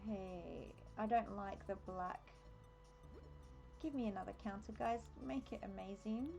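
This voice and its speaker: A woman's voice: mid-range voice, a little slow, vocal fry, a little mellow. Chatty Australian woman streaming a game. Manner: chatty, easily sidetracked, self-amused. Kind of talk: casual live-stream chat while decorating in a game. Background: faint game music.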